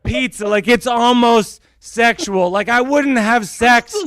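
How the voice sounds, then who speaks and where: A man performing a stand-up comedy set, rambling and self-deprecating in a deadpan way. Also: very high voice, slow pace, no echo. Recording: crowd laughter in background. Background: audience laughter.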